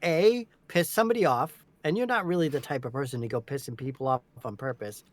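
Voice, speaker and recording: A man's voice: medium pitch, brisk, no room sound. A man chatting and laughing with friends on a live stream, explaining things at length. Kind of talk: casual banter on a live stream.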